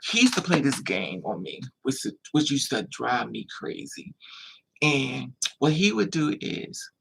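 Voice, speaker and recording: A man hosting a livestream, telling a personal story in a casual, animated way and acting out the voices of the people in it. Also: mid-range voice, a little slow, creaky, background noise. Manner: animated, acts out quoted voices.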